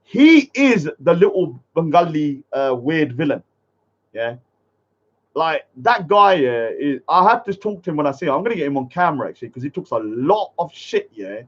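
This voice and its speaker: Animated ranting man. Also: fairly high pitch, moderate pace. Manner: animated, heated, tags lines with "yeah". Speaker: online commentator. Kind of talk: ranting commentary. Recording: muffled lo-fi audio.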